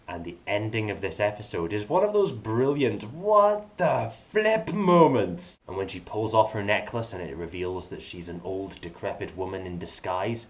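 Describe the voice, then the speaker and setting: A man hosting his own TV review vlog, talking enthusiastically and jokily, switching between hushed asides and excited outbursts. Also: fairly low pitch. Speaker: TV review vlogger. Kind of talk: animated solo review vlog.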